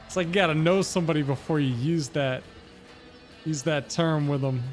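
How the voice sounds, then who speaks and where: A man's voice: fairly high pitch, moderate pace, soft background music. A man livestreaming a game, rambling and musing as he talks to his chat in casual commentary. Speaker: gaming livestreamer.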